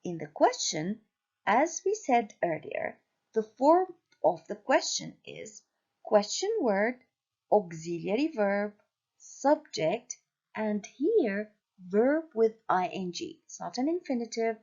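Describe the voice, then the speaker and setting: A woman teaching an English grammar lesson, speaking slowly, repeating patterns and spelling out letters. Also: mid-range voice, very animated, a little mellow, breathy edge, highs cut off. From Syria.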